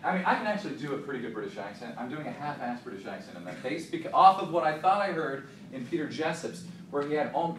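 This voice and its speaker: A man, a voice actor, answering fan questions at a convention panel in a chatty, joking way, laughing often and swearing casually. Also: medium pitch. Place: large convention hall. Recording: echoey hall, distant mic, noisy. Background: hall ambience.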